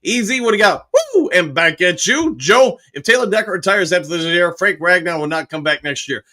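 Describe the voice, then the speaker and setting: A high, bright male voice reading out chat messages one by one and answering each in an easygoing way. He breaks in with cheerful whoops now and then and fills pauses with "uh". The talk is loose and unscripted, like a morning live stream. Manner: upbeat, reads viewer comments aloud and answers each; frequent "woo" cheers and filler "uh".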